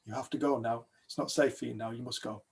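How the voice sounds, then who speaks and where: Animated British male storyteller, gravelly voice, acts out the dialogue. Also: medium pitch, quick pace. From United Kingdom. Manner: animated storyteller, acts out other people's lines. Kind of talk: telling a personal story to a group.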